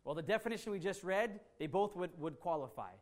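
A man's voice: sits high, expressive, quick pace. A man preaching a teaching sermon, earnest and emphatic, with fillers and restarts as he explains scripture. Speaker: pastor.

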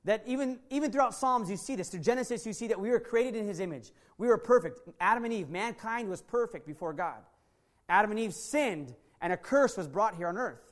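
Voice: medium pitch, lively intonation, fairly quick. An earnest preacher delivers a sermon, circling back to the same key phrases again and again. Sentences often break off and restart mid-thought as the point is pressed home.

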